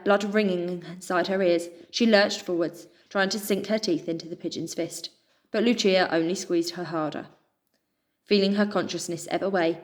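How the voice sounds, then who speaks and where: A woman reading a children's adventure story aloud with expressive narration. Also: on the low side. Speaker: children's book reader.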